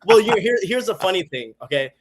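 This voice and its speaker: An animated man talks on a podcast, his fairly high voice jumping up whenever he acts out what other people told him. He tells his stories in a loose, chatty way, stopping to restart and then surging ahead. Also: a little fast, husky. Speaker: podcast guest. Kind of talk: casual chat. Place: home garage studio.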